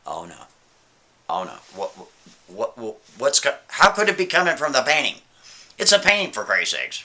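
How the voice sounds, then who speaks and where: A man's voice: fairly high pitch, sharp tone. A man telling a spooky story in a casual way, often checking in with the listener. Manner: casual, keeps asking "right?".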